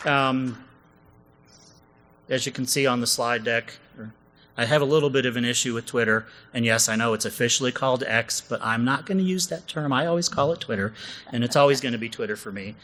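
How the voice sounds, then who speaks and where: A man's voice: medium pitch, a little fast, a bit bright, low-quality recording. A man co-presenting a comedic conference session, chatty and jokey, often asking the audience questions.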